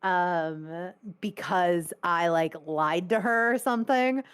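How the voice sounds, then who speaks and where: A young adult woman, a guest on a video call interview, telling stories in a blunt, animated way and swearing freely. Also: on the low side, takes it slowly, clean tone. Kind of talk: casual storytelling.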